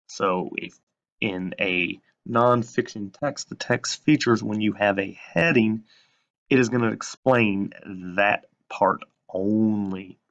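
A man teaching a recorded lesson at an unhurried pace, his lowish voice edged with gravel. He poses questions to his class and then answers them himself, leaning hard on key words. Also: steady tone, fairly bright tone, lo-fi sound. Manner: slow, emphatic, asks questions and answers them.

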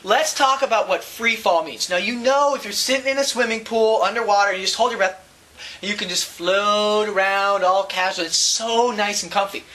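A man's voice: high-pitched, normal speed, sharp tone. A man teaching a science lesson with props, playful and enthusiastic, adding little sound effects as he explains.

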